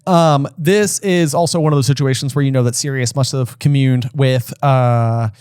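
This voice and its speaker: Brief: male podcast co-host, mid pitch, dry close mic, enthusiastic casual book chat. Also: steady tone, moderate pace, darkish tone, smooth, no echo. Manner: enthusiastic, reads passages aloud in put-on voices.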